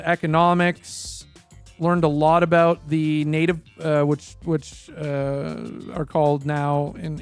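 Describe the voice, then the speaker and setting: Canadian guy streaming, kinda high voice, rambly and sweary, bit of music playing behind. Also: clean tone, no echo. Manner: rambling, swears freely, self-correcting. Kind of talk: casual chat about his past jobs.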